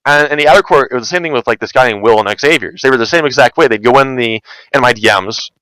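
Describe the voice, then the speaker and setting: A man recounts a long story in a loose, rambling way, leaning on "like" and "um" as he goes. He sounds exasperated. His voice is smooth and clear, recorded close and dry with no room sound. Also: mid-range voice, fast talker, bright, forceful tone, no echo, low-quality recording. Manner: rambling, heavy use of "like" and "um" fillers, exasperated. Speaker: vlogger recounting online community drama.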